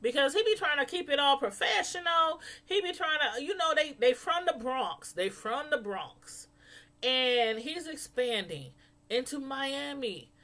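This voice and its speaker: A woman reviews a reality TV episode in a casual, gossipy way, telling the story with lots of animation. Her voice sits a little on the high side. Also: measured pace. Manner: animated, gossipy, laughing asides.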